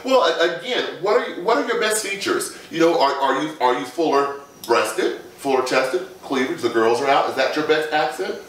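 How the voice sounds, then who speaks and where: A man's voice: fairly high pitch, lively intonation, normal speed, hardly any pauses, fairly bright tone. A man who works as a fashion image consultant, giving confident advice on a talk show in lists and short punchy phrases. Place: Las Vegas. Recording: echoey room, far from the mic.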